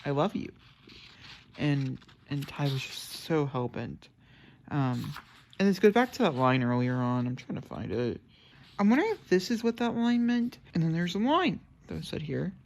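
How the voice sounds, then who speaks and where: A young man chatting casually to camera about a book he is reading, excitable and rambling, with sudden jumps up into high squeals. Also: moderate pace, creaky, a little hiss or hum. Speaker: book reviewer. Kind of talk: casual book vlog chat.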